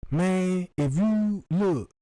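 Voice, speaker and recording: A man's voice: high-pitched, extremely slow, dark tone, dry recording, rough recording. A man rambling through a profane comic monologue, slipping in and out of put-on voices. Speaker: comedian.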